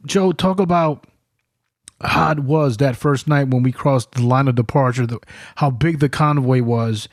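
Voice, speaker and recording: Male podcast host, animated profane storyteller, dry studio sound. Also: mid-range voice, measured pace, no echo. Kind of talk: casual chat.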